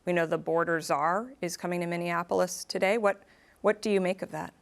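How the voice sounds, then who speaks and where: A woman news anchor conducting a live interview, brisk and measured. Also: fairly low pitch, flat delivery, vocal fry.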